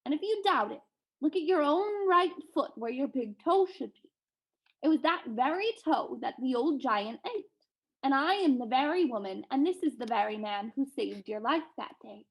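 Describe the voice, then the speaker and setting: A woman's voice: high voice, lively intonation, moderate pace, poor audio. A woman reading aloud and voicing an old captive washerwoman, sorrowful and earnest.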